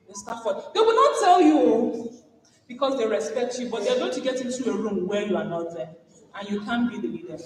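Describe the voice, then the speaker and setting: A Nigerian woman delivers a lively motivational keynote, switching into acted-out voices and Pidgin asides. She sounds distant from the mic. Her voice rings through a large hall with a long, echoing tail. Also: a little high, normal speed. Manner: animated, acts out dialogues with Pidgin asides. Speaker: conference speaker. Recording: echoey hall from far off.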